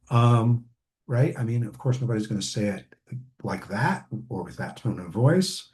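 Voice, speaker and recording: Male trainer, warm relaxed voice, casual lecturing with fillers and restarts. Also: medium pitch, a little slow. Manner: conversational, many ums and restarts. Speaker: family therapy trainer.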